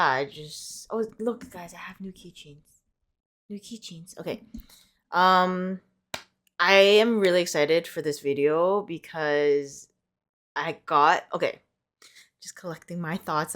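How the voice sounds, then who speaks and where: A young woman reading tarot, chatting casually and excitedly, rambling with fillers and casual swearing. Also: on the low side. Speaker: tarot card reader.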